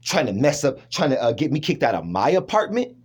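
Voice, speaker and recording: A man's voice: mid-range voice, very animated, fairly quick, breathy edge. A man talking in a rambling personal monologue, emphatic, restarting often and checking in with his listener. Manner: emphatic, keeps asking "you know what I'm saying".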